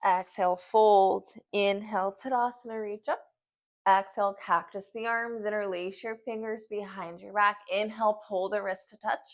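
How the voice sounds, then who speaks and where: A woman's voice: medium pitch, steady tone, moderate pace, muffled recording. A woman leading a yoga class at home, giving short breath-paced cues while doing the poses and getting out of breath. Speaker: yoga instructor.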